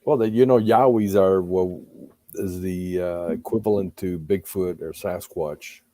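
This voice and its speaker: A man speaking as a podcast guest, answering in a halting way with frequent fillers. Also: sits low, steady tone, dark tone, no echo. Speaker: guest researcher. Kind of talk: interview chat.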